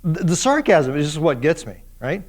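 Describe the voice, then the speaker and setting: A man professor giving a classroom lecture, animated and full of playful rhetorical questions. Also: a little high, moderate pace.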